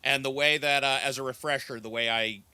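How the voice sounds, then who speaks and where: A man narrates a tabletop game as its game master. His voice is bright and forward, and he describes the scene in an easygoing way with small fillers. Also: mid-range voice, fairly even intonation, a little fast, clean tone, dry recording.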